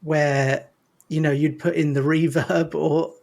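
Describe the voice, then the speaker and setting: Man, podcast guest, gravelly, a bit high, hesitant, self-deprecating. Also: little pitch movement, slow pace, darkish tone. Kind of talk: casual chat.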